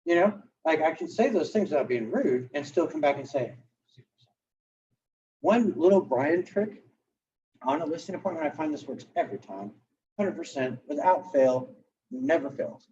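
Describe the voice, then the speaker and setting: A man's voice: on the high side, moderate pace. A man coaching real estate agents in a live session, talking casually and acting out client exchanges. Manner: animated, conversational, acts out client dialogue. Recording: distant, dull lo-fi room recording.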